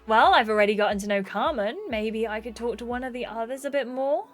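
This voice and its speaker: Excitable young woman gushing over a game. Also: fairly high pitch, a little fast, hardly any pauses, soft background music. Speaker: gaming YouTuber. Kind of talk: reading a dating game aloud with commentary.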